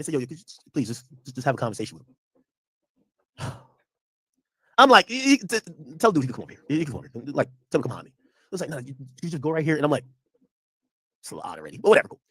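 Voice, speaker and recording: A man's voice: a little high, breathy edge, no echo, clean studio sound. A man streaming casual commentary, telling a story in a loose, profane way and acting out the people in it. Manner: animated, profane, acts out quotes.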